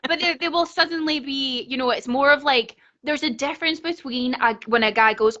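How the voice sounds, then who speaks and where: A woman's voice: high-pitched, fairly quick, bright, forceful tone, highs cut off. A Scottish woman speaking on a video call in a casual panel chat, earnest and chatty, laughing often. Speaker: conference speaker.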